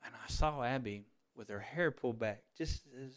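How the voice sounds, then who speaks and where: A middle-aged man preaching a sermon, moving between fervent exclamations and quiet, tender storytelling. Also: mid-range voice, normal speed.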